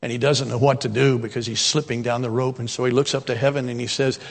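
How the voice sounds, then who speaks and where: A man's voice: medium pitch, level tone, fast talker, gravelly, hardly any pauses. A man in his sixties preaching a sermon in a folksy, storytelling way, building to emphatic peaks. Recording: long hall reverb.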